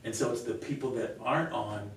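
A male pastor talking earnestly in a conversational Q&A, telling stories with gentle laughs. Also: fairly quick. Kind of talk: conversational Q&A teaching. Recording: echoey room, mic far off, faint rumble.

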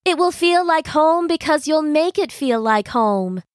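A sensible, bookish young crab girl in a children's storybook, read by a woman, speaking gently and reassuringly in a raised, kindly voice. The sound is dry and close. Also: sits high, lively intonation, a little slow, no room sound, pitched above the performer's own voice. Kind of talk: storybook reading.

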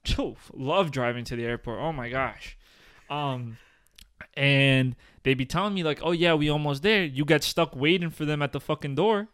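A young man in his early twenties co-hosts a casual podcast, telling stories with lots of energy and cursing freely. His voice is smooth and clear, at an ordinary middle pitch for a man. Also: normal speed, no room sound, clean studio sound. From New Jersey. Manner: animated storytelling, swears freely, restarts words. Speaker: podcast co-host. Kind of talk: casual chat.

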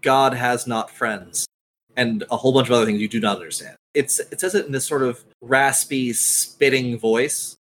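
A man's voice: medium pitch, a bit bright, a little hiss or hum, poor audio. Man narrating as game master. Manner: measured descriptive narration.

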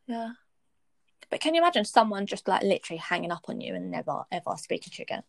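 Gravelly young woman, blunt. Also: mid-range voice, quick pace, no room sound. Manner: candid storytelling, blunt and swearing. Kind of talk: casual chat.

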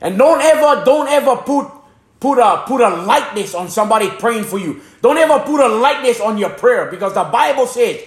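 High-voiced man giving a fervent testimony. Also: lively intonation, normal speed, echoey room. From Hana, Maui, Hawaii. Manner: fervent, repeats phrases, stumbles over words. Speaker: testifying preacher. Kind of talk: passionate religious testimony.

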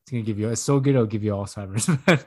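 Rapid-fire yet mellow, a man rattles through a long, rambling, crude story on a casual podcast. Frequent laughter punctuates it, and he performs quotes in a higher voice.

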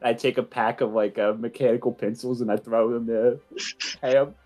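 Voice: medium pitch, steady tone, normal speed, a little mellow, voice pushed down, close to an everyday voice. An eager, polite young boy who trips over his words and talks in a mid-range, everyday voice, as a player puts him on. Light music plays underneath. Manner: giggly, stammering, eager. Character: polite, chatty eleven-year-old boy from Alabama.

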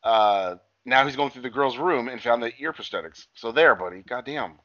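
A man's voice: mid-range voice, moderate pace, sharp tone. A young man casually recapping a TV episode, rambling, swearing a lot and acting out the characters' lines. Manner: rambling, swears a lot, acts out scenes in quotes. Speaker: podcast co-host recapping a TV episode. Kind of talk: casual chat. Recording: muffled dry recording.

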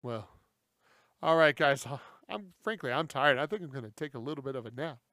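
A man's voice: mid-range voice, lively intonation, a little fast, fairly bright tone, no room sound, studio quality. A man co-hosting a podcast, joking around with friends in a playful, mock-mournful way. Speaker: podcast co-host. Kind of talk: comedic bit among friends.

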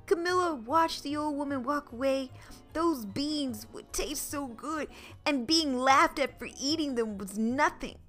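Bright, slow, playful woman reading a storybook. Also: sits high, faint music behind. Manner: playful, laughs at her own asides. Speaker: podcast host. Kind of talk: reading a children's book aloud with asides.

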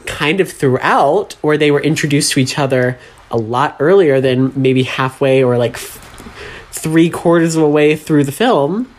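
A podcast co-host in an animated, amused casual discussion of a film. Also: medium pitch, a little slow.

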